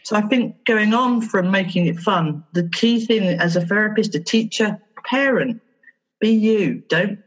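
A woman therapist being interviewed on a podcast, telling stories with lively, animated delivery and acting out her exchanges with children. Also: mid-range voice, measured pace, slightly rough, lo-fi sound. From England. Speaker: therapist guest.

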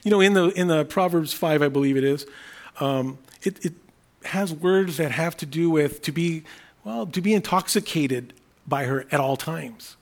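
A man preaching a sermon in an earnest, unscripted way, often restarting phrases and repeating key words slowly for emphasis. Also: on the high side. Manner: earnest, thinking aloud with frequent restarts. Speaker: pastor.

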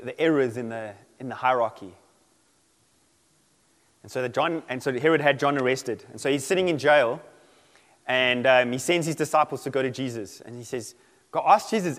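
A man preaching a sermon in an animated way, acting out quoted voices and laughing often. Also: medium pitch. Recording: long hall reverb.

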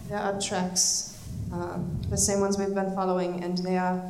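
A woman speaking as her character in a live tabletop game, earnest and measured. Her pitch sits in the middle. The roomy venue adds echo, with a faint hum behind her. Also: level tone, darkish tone. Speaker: player.

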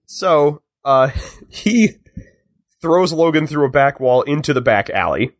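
A man recapping a film on a podcast in a chatty storytelling way, with quick asides. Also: a little high, animated, dry recording. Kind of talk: casual chat.

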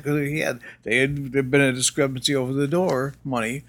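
A man's voice: mid-range voice, little pitch movement, brisk, fairly bright tone. An older man telling anecdotes in an interview, rambling with many fillers and restarts and laughing often. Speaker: interview guest. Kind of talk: casual storytelling.

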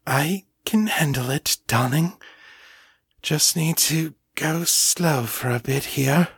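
A man reads a sly, purring woman with a posh upper-class drawl, pitched well above his own voice. She sounds playful and self-assured, a figure in a spoken story. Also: slow pace, gravelly, breathy edge, dry recording, studio quality, full character voice. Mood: teasing. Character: posh, teasing shapeshifted woman.

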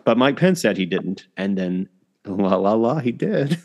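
A man's voice: fairly low pitch, sing-song, a little slow, darkish tone, lo-fi sound. A man hosting a casual podcast, rambling and self-interrupting, laughing often. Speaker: podcast host.

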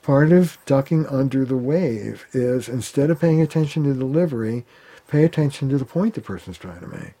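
Therapist guy explaining stuff in an interview, warm mellow voice, acts out the fights he's describing. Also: medium pitch, normal speed. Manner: animated, acts out quoted arguments. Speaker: family therapist guest. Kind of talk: conversational interview.

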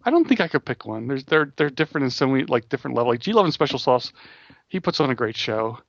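Fast-talking gravelly man, casual chat. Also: mid-range voice, very animated, dry recording. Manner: quick, rambling, many restarts. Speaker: podcast co-host. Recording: dull dry close-mic audio.

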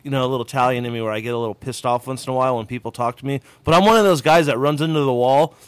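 A man co-hosting a casual motocross podcast, talking bluntly and getting loud when riled. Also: medium pitch, very fast, smooth, no echo. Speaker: podcast co-host. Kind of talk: casual chat.

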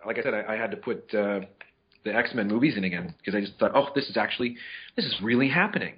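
A man's voice: fairly low pitch, expressive, quick pace, breathy edge. A man hosting a podcast, telling a long story in casual chat, with frequent restarts. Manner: rambling storyteller with many restarts, acts out quotes. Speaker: podcast host. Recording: dull lo-fi audio.

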